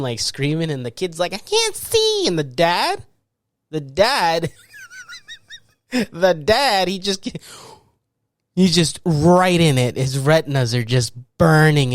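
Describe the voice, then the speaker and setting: A male podcast host tells a rambling story and jumps into loud impressions of the people in it. His voice sits at an ordinary middle pitch. The recording is close and dry, with no room sound. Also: dry recording. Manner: animated, acts out people with loud laughs and shouts. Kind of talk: casual storytelling monologue.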